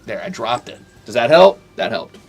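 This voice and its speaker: A man's voice: mid-range voice, big pitch swings, normal speed, soft background music. A young man streaming, talking to and scolding his cats in a playful, teasing way. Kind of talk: casual chat with pets on stream. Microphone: desk mic.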